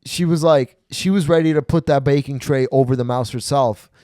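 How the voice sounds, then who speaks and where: A man's voice: medium pitch, moderate pace, dark tone, no room sound, studio quality. A young man hosting a podcast, telling a crude story in casual chat and swearing often. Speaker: podcast host.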